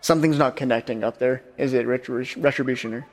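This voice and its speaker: A man voicing a female Death in a tabletop game, a stern but caring guardian of the dead who speaks low and firm. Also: steady tone, fast talker, lightly acted. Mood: stern quiet.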